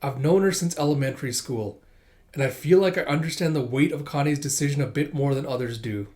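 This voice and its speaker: A man's voice: medium pitch, fairly quick, darkish tone, close to an everyday voice. A man reading an easygoing teenage judo boy. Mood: casual. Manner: casual and easygoing.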